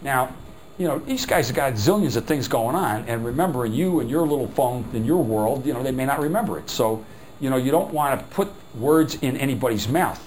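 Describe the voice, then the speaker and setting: A man's voice: medium pitch, lively intonation, fairly quick, a little mellow, slight background noise, low-quality recording. A man teaching a sales workshop, talking in a loose, rambling way full of "you know" and breaking into emphatic, exasperated remarks. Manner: folksy, rambling with many "you know" fillers. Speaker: sales trainer. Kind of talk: workshop lecture.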